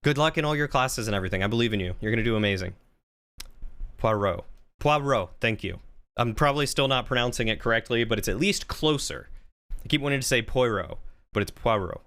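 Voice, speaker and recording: A man's voice: mid-range voice, rapid-fire, a bit bright. A man streaming a game live, chatting casually and thinking aloud as he plays.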